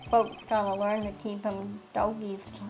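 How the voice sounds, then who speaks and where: A woman voicing a swaggering male cowboy detective in a put-on country accent, with a slow folksy drawl. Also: medium pitch, monotone, vocal fry, over music, natural voice. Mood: menacing. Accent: put-on American country.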